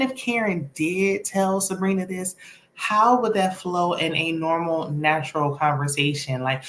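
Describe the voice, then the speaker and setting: A woman with a slightly low voice talks through a TV episode, chatty and sassy with strong opinions. Her voice rings in an echoey room, with a faint hiss of noise underneath. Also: steady tone, a little slow, fairly bright tone. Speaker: TV recap vlogger. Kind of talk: casual TV episode recap.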